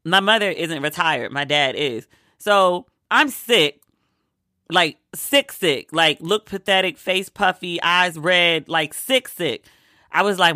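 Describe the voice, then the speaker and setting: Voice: medium pitch, takes it slowly, pushed and bright, dry recording, clean studio sound. A vlogger from Maryland, sick with a cold, chatting casually and acting out what people said. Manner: chatty storyteller, acts out quoted lines.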